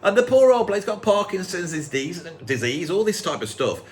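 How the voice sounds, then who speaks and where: A man from England hosting a casual chat show, animated, jokey and rambling. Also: sits high, normal speed, a little hiss or hum. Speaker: host.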